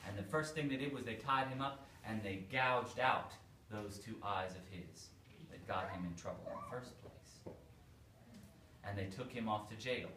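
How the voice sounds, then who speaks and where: A man, a priest, telling a story to children in a playful, animated way. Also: on the low side, moderate pace. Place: church hall. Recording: echoey room, far from mic, faint noise.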